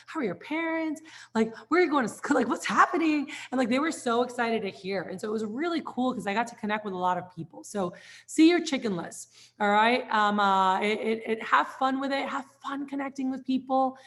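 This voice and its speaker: Woman, sales trainer, casual and upbeat, chatty delivery with frequent check-ins. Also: on the high side. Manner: upbeat, chatty, lots of "like" and "all right?".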